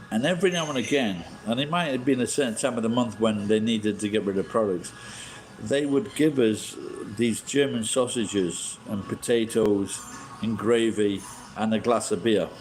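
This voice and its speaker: A man's voice: fairly low pitch, normal speed, a little mellow, poor audio. A middle-aged man from England, hosting a rambling, casual livestream chat and swearing bluntly as he shares strong opinions. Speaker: livestream host.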